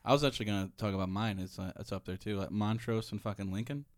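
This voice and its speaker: A man's voice: fairly low pitch, quick pace. A young man, co-hosting a comedy podcast in a laid-back, mumbling way with casual swearing. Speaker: comedian co-host.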